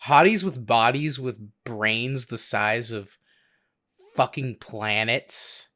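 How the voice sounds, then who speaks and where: A man's voice: mid-range voice, slow, sharp tone. A man co-hosting a podcast in a goofy, joking way, laughing often. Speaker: podcast co-host. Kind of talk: casual chat.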